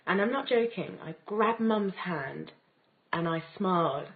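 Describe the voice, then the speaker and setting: A woman's voice: on the low side, lively intonation, a little slow. A British woman teaching a spiritual course in a casual, gushing, enthusiastic way, often laughing. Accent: British English. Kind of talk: casual spiritual lesson to camera. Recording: tinny phone-like sound.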